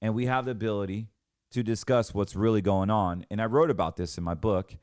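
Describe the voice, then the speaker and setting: A man with a low voice hosts a finance show and vents in heated, emphatic commentary, stumbling over restarts as he goes. The sound is dry and close, with almost no room around him. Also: a little fast, darkish tone, dry recording. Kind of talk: ranting commentary.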